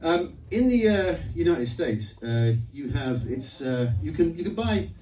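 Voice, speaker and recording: Animated, sweary comedian on stage. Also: male voice, on the high side, unhurried. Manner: animated storytelling, heavy swearing, bursts into shouted impressions. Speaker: stand-up comedian. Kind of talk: live stand-up comedy set. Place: live comedy venue with audience. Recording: roomy, distant, dull live-club sound with loud crowd laughter.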